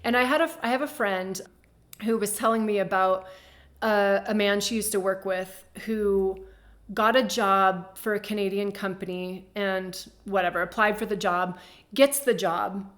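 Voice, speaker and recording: A woman hosts a casual monologue at a mid pitch. She talks in a loose, storytelling way, with plenty of fillers and a quick laugh now and then. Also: steady tone, fairly bright tone. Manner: chatty storytelling, laughs often, uses many fillers. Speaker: host and business coach.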